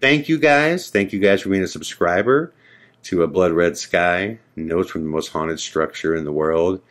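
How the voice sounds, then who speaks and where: A man's voice: low voice, normal speed. A man hosting a podcast, casually telling a spooky story and acting out the dialogue. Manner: animated, acts out quoted dialogue; casual, filler-heavy speech. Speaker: podcast host.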